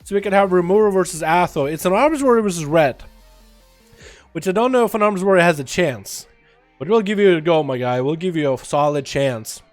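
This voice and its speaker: Faint music runs behind a man whose expressive voice sits high and moves fairly quickly. While livestreaming a game, he talks casually with his viewers, swears occasionally, and pumps up the crowd.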